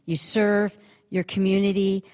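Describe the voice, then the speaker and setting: A woman's voice: medium pitch, level tone, unhurried, a little mellow. A middle-aged woman from New Jersey giving an unprepared acceptance speech at a council meeting, grateful and hesitant, with many fillers. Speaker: county commissioner accepting an award. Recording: reverberant meeting room.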